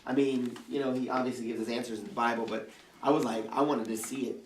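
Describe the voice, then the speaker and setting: A man with a mid-range, steady voice talks fast as he preaches a relaxed, joking youth sermon, acting out prayers in funny voices as the youth pastor. The setting is a church youth service room, captured by a distant mic in an echoey hall with slight background noise.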